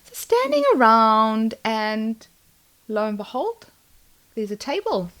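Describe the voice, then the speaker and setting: South African woman, podcast co-host, high lively voice, acts out quotes as she tells stories. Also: slow pace. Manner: animated storyteller, acts out quotes. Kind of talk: casual chat.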